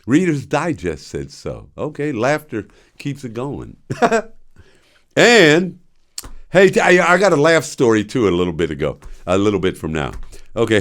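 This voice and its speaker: A man's voice: on the low side, big pitch swings, a little slow, fairly bright tone, soft background music. An older man hosting his own show, telling stories casually, laughing often and acting out voices from his stories. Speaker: show host. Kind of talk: casual storytelling monologue.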